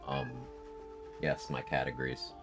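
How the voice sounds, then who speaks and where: A man with an extremely low voice talks casually over his live game stream. He sounds sleepy and laid-back, laughs easily and swears offhandedly, with faint music playing underneath. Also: flat delivery, unhurried.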